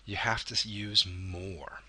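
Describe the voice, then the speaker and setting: A man's voice: sits low, fairly even intonation, slow pace, pushed and bright, slightly rough. A man teaching an English grammar lesson, patiently explaining and drawing out key words as he goes. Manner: patient, stretches key words, corrects himself. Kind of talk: recorded video lesson.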